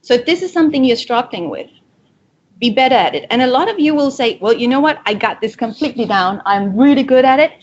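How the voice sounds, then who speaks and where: Woman doing a motivational webinar talk, kinda high voice, faint hiss in the background. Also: animated, quick pace, dull audio. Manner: direct, coaching, acts out quoted dialogue. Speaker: speaker giving a webinar talk. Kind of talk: motivational presentation.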